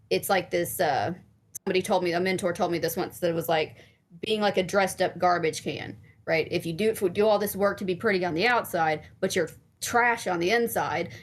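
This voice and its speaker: A woman therapist and life coach, a guest on a casual podcast, talking frankly with some swearing and plenty of fillers. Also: mid-range voice.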